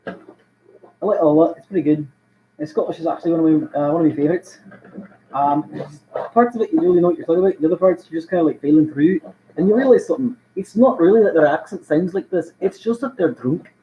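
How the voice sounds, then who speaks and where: A man's voice: fairly high pitch, lively intonation, quick pace, highs cut off, a little hiss or hum. A man chatting casually with viewers on a livestream while building something, rambling and joking as he goes. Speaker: streamer.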